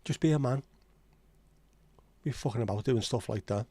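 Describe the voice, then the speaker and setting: A man's voice: mid-range voice, normal speed, mellow, slightly rough, no echo. A man with a Scouse accent hosting a livestream, chatting casually and answering viewers in blunt, sweary banter. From Liverpool, England. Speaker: livestream host. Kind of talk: casual chat reading live comments.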